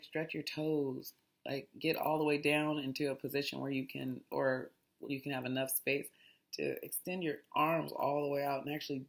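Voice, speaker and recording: Gravelly woman chatting through a mindfulness talk. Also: sits low. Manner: chatty and digressive, restarts while reading. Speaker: host. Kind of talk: casual mindfulness talk, reading aloud.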